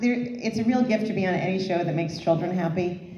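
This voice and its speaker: A woman's voice: on the low side, fairly quick, dull audio. A woman on a convention panel, joking in a dry way. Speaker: voice actress on a panel. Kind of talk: comedic panel talk. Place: large convention hall. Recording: echoey hall, crowd and noise.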